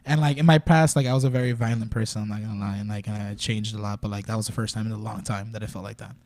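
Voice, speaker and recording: A man's voice: lowish voice, fairly even intonation, racing, darkish tone, no room sound. A young man talking casually on a podcast, telling a rambling, profane story full of fillers. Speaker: podcast guest. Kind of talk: casual chat.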